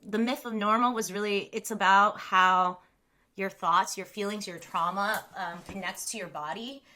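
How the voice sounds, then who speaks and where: Bright chatty Southern Californian woman. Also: medium pitch, fairly even intonation, moderate pace. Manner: chatty, says "like" a lot, laughs often. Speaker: livestream host. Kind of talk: casual chat with live chat.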